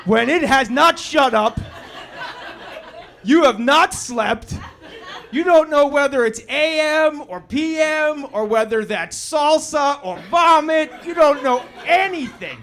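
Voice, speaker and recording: A middle-aged man performs stand-up in a comedy club, his voice pitched very high. He tells his stories in a laid-back drawl, then suddenly bursts into loud, shouted outrage. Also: animated, slow pace. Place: comedy club stage with audience laughter.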